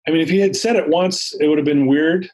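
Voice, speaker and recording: A man recounting a personal story in an interview, animated and acting out the dialogue. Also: fairly high pitch, quick pace, rough recording. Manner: animated retelling with acted-out dialogue. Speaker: interview guest.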